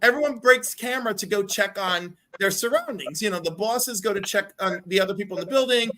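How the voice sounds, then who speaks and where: Animated storyteller on a video call. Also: medium pitch, brisk. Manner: animated storyteller, acts out quotes. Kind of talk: casual storytelling chat.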